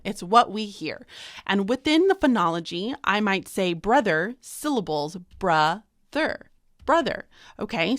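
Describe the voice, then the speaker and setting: A woman's voice: medium pitch, no room sound, studio quality. A woman teacher trainer walking through a vocabulary worksheet on screen, upbeat and self-deprecating, talking while she writes. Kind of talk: instructional screen walkthrough.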